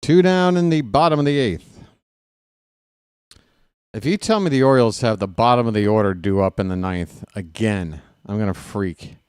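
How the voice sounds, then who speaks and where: A man's voice: lowish voice, moderate pace, darkish tone, smooth, no echo, clean studio sound. A man doing casual, rambling play-by-play for a live stream, joking and snapping at the umpire. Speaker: fan play-by-play commentator.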